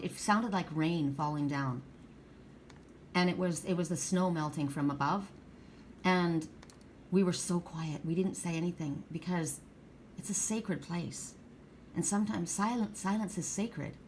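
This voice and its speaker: A woman's voice: fairly low pitch, a little hiss or hum. A middle-aged woman giving a casual spiritual card reading, telling rambling stories with many restarts. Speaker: oracle card reader.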